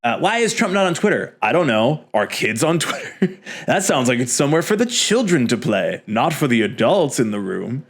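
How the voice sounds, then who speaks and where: A man in his thirties hosting a casual reaction chat, ranting in an animated way with swearing and laughter. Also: medium pitch, moderate pace, slightly rough. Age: 30s. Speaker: host.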